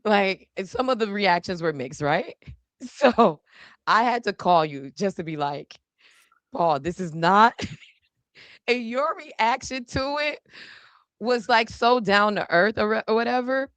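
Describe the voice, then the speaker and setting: A woman hosts a political podcast from a studio, talking in a loose, casual way and laughing between thoughts. Her voice is bright and forceful with a dry, close sound. She jumps quickly between asides. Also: mid-range voice, lively intonation, smooth, no room sound. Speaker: podcast host and journalist. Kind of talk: casual chat.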